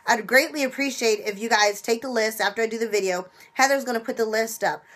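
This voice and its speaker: Animated woman, a bit high. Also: a little fast. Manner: animated, acts out little scenes. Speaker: penny shopping video host. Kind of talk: casual instructional talk.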